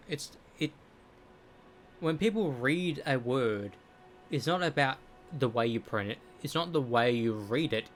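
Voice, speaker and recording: A man streaming in casual chat, earnestly working through an explanation with plenty of restarts. His pitch is ordinary for a man. There is faint background noise. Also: a bit bright.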